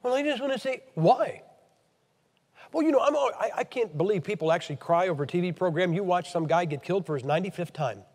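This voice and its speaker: A man's voice: high voice, expressive, quick pace, a little mellow, big-room sound. An American man from Ohio preaching a blunt, emphatic, scolding sermon to a church meeting. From Ohio, USA.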